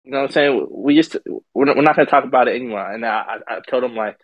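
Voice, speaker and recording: A man's voice: mid-range voice, rapid-fire, no echo, lo-fi sound. A young man telling a long, profane story to friends in a casual, rambling way, stumbling over and repeating words. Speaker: podcast storyteller.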